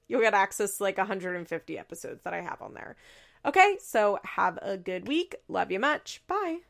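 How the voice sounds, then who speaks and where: A woman's voice: medium pitch, vocal fry. A woman hosting a podcast, chatting casually and laughing often as she recaps. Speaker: podcast host.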